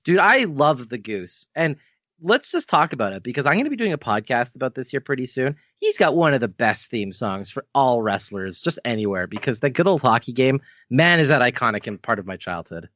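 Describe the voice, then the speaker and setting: A man's voice: mid-range voice, sing-song, brisk, fairly bright tone, dry recording, clean studio sound. A man from Canada hosting a podcast, chatting casually about wrestling, laughing often and rambling into asides. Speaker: podcast host. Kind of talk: casual wrestling review chat.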